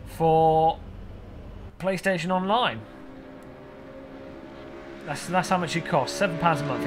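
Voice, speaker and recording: A man with a mid-range voice streams a racing game and chats and jokes with his viewers while setting up a server. There's slight background noise behind his casual, jokey live-stream banter.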